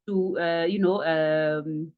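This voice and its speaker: A woman's voice: deep voice, steady tone, slow. A woman giving a health and wellness talk, repeating words for emphasis, with frequent fillers. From Kenya. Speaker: wellness speaker. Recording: dull lo-fi sound.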